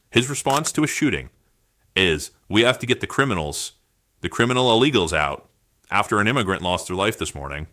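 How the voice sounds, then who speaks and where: A man's voice: on the low side, bright, forceful tone. A man delivering an angry, profane political rant as a commentator, emphatic and furious.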